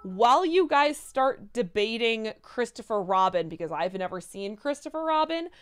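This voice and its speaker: A woman's voice: fairly high pitch, lively intonation, normal speed, clear, resonant tone, soft background music. A woman co-hosting a livestream panel, reading out viewer donations and chatting casually. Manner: upbeat, laughs easily, reads chat messages aloud.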